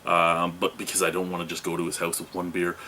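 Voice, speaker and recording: A man's voice: deep voice, monotone, fast talker, sharp tone, a little hiss or hum. A man in his thirties hosting a beer review from a home room, rambling in a jokey, self-mocking way. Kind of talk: casual video review. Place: home room with cartoon toys behind him.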